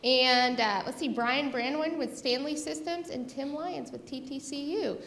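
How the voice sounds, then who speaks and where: Cheerful high-voiced woman thanking sponsors. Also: measured pace, creaky, fairly bright tone. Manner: cheerful, chatty. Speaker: sergeant-at-arms reading sponsors. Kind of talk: meeting announcements. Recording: roomy hall with faint noise.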